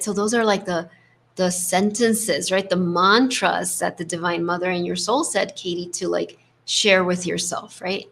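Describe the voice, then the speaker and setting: A woman hosting a spiritual leadership coaching talk, speaking in a gentle, affirming way with a constant "right?" tag and acting out inner voices. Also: on the low side, steady tone, unhurried, vocal fry. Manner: acts out inner voices with shifts in tone.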